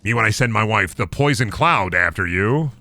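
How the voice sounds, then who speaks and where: A young man live-streams a game, joking, singing, and rambling goofily as he plays in casual commentary. His voice is on the low side, expressive, bright, and forceful, at a normal speed, with no room sound.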